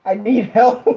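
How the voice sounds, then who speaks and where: This livestream host broadcasts casually from her bed, giggling and repeatedly restarting her halting sentences. Her voice is on the high side, captured in dull audio with slight background noise.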